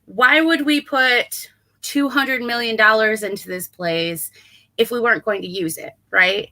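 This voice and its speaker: A woman's voice: a little high, a little slow, bright, forceful tone. A woman co-hosting a casual political talk show, speaking earnestly and hopefully, often adding "right?". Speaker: co-host.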